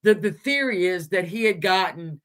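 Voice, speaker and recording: A woman's voice: lowish voice, animated, moderate pace, fairly bright tone. A woman hosting a livestream, chatting casually about history with viewers, rambling and chuckling with crude asides. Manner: searching images on screen while talking. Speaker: livestream host. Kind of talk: casual history chat with live chat.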